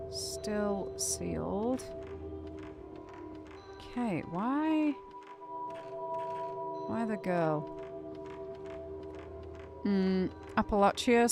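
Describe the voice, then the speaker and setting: A young woman from Northern England with a muted Northern accent, chatting casually while streaming a game, thinking aloud and laughing often. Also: medium pitch. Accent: muted Northern English. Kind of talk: casual livestream gameplay chat. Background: game music.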